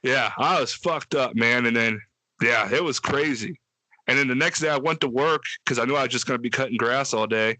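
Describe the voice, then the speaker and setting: Bright-voiced profane storyteller man. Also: mid-range voice, fairly quick, no echo. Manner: profane, animated, acts out quotes with a raised voice. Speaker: podcast co-host. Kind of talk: casual storytelling.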